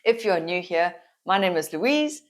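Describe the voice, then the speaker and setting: A woman's voice: on the low side, expressive, measured pace. A middle-aged woman with a South African accent, chatting candidly to camera as a vlogger and laughing often. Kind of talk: casual chat to camera.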